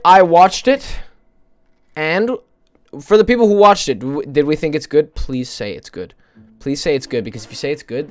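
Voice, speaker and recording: A male streamer chatting casually with his viewers, rambling, joking, swearing and poking fun at himself. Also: medium pitch. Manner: rambling, joking, profane, self-mocking.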